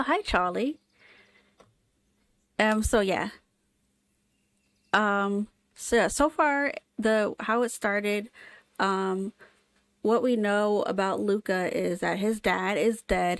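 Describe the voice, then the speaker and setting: A woman's voice: medium pitch, no room sound. Chatty woman streamer playing a game. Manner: chatty, giggly, self-aware. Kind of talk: casual let's-play commentary and dialogue reading.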